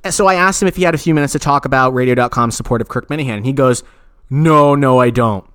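A man's voice: medium pitch, expressive, racing, fairly bright tone, smooth, dry recording, studio quality. A man co-hosting a podcast, telling a story in a rambling, profane way with many restarts. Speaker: podcast co-host. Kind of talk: casual podcast banter.

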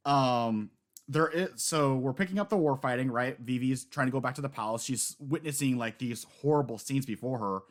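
Rambling, animated man co-hosting. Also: medium pitch, a little fast. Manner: rambling, animated, swears casually. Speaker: podcast co-host. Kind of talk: casual chat about manga chapters.

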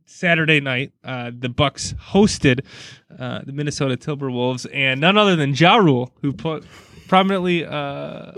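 A man's voice: on the high side, normal speed, a bit bright, no room sound. A man, co-hosting a casual sports podcast, chatty and rambling, laughing often. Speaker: podcast co-host.

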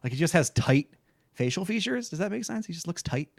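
A man's voice: a little high, sing-song, fairly quick, creaky, a little mellow, no echo. A man co-hosting a podcast in casual chat, laid-back and joking, laughing often and swearing freely. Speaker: podcast co-host.

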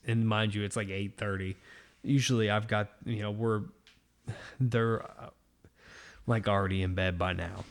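A man in his thirties, a podcast co-host, telling a story in casual chat, animated and swearing a lot. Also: fairly low pitch, a little slow, long pauses.

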